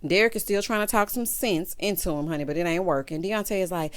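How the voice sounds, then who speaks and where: A woman talks through a reality show recap in a sassy, chatty way. Her pitch swings all over the place as she acts out what the cast said. She keeps calling her listeners honey and child. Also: fairly quick, hardly any pauses. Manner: sassy, animated, calls listeners honey and child, breaks into laughs. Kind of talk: casual chatty recap commentary.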